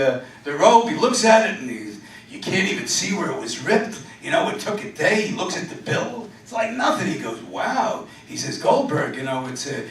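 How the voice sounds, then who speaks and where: A man's voice: sits high, fairly bright tone. A man doing a stand-up comedy set, telling jokes and slipping into character voices. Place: deli comedy venue with live audience. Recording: very echoey room, mic far off.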